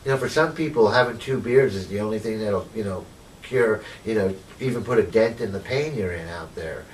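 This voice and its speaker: A man with a fairly low voice recalls his own life story in a loose, rambling way, dotting it with "you know" and acting out old conversations. He sits a little away from the microphone, and a faint hiss runs under his words. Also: brisk, distant mic, low-quality recording. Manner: rambling, full of "you know" and retold dialogue. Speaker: formerly homeless interviewee. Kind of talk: personal storytelling in an interview.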